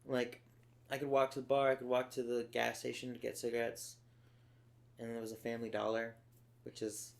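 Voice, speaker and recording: A man's voice: mid-range voice, monotone, fairly quick, creaky. A man from Los Angeles, a podcast co-host telling stories in a sardonic, profane way. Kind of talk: casual chat.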